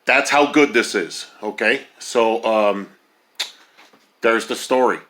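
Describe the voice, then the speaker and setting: Bright-voiced man in his fifties, rambling. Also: lowish voice, takes it slowly. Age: 50s. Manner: rambling, many ums and uhs. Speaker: home cook host. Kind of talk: casual cooking vlog.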